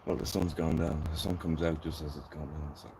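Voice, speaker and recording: A man's voice: rumbling low, steady tone, a little fast, background noise. A man with a Dublin accent hosting a gardening live stream, chatting and rambling to his viewers while he sows seeds. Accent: Dublin Irish. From Ireland. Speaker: gardening channel host. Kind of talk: casual live-stream chat.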